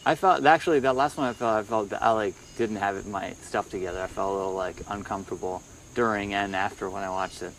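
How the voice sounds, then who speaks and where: A young man in casual conversation, thinking aloud in halting, rambling sentences full of restarts. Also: on the low side, fairly bright tone, a little hiss or hum. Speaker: podcast co-host, musician. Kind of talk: casual phone chat.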